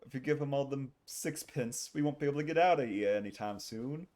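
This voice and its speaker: A man's voice: mid-range voice, brisk, darkish tone, lightly acted. A man putting on a hammy British accent. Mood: jovial. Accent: put-on British. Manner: hammy, playful, laughs often. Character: exaggerated tipsy British bloke, jolly. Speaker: streamer. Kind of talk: live game stream banter.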